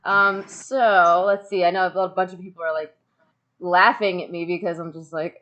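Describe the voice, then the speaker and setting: Excitable woman streamer telling stories. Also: lowish voice, normal speed, muffled recording. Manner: excitable storyteller who laughs often and acts out quotes. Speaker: streamer hosting a video call. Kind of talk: casual chat.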